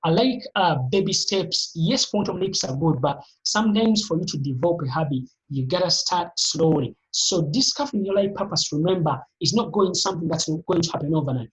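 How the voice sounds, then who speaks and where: A motivational speaker giving an emphatic, repetitive talk in a live online session, with sudden upward pitch jumps, heard over a video call. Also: a little fast, hardly any pauses, low-quality recording.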